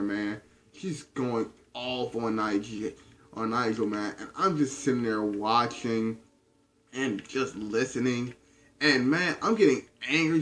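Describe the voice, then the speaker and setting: A man telling a storytime tale in a casual, animated way, filling pauses with "man.". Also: medium pitch. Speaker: vlogger. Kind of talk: storytime vlog.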